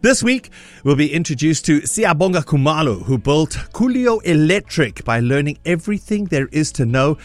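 A man with a South African accent hosting a breakfast radio show, slightly out of breath, talking in a lively, animated way. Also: on the high side, moderate pace, no echo. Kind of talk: upbeat radio show patter.

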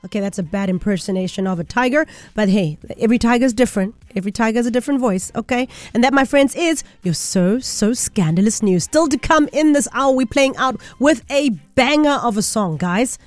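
Upbeat woman presenter, slightly high, dry studio sound. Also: fairly quick, few pauses, dry recording. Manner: playful, chatty, teasing. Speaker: radio host.

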